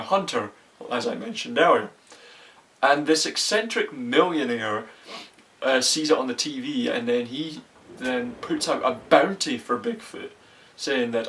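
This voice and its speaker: A man's voice: medium pitch, a bit bright. A young man in a casual, profane movie review, rambling with restarts and often exasperated. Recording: voice a bit far from the mic.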